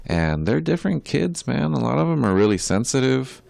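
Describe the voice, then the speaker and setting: A man's voice: medium pitch, big pitch swings, moderate pace, gravelly, a little mellow, dry recording. A young adult man, a podcast co-host and musician, chatting casually in a rambling, profane way with many filler words.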